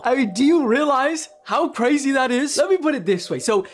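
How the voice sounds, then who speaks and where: A woman narrating a science news explainer with excitement and emphasis, dropping low for asides. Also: moderate pace, few pauses, soft background music.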